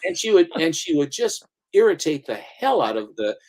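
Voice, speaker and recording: A man's voice: a little high, wildly swooping pitch, moderate pace, a little mellow. A man hosting a casual chat about comics, rambling through stories with many restarts and asides. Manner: rambling storyteller, restarts, slips into comic voices. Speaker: comic shop owner and channel host.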